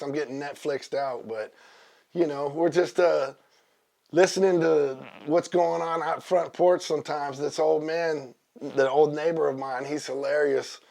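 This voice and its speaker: Guy with a gravelly, kinda high voice, rambling deadpan jokes. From Northern California. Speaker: comedy guest. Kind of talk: deadpan joke-telling.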